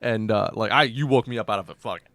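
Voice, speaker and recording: A man's voice: fairly low pitch, fast, fairly bright tone, dry recording. A man co-hosting a podcast, chatting casually, laughing often and throwing in jokes. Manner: laughs often, jokey interjections. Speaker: podcast co-host. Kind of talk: casual chat.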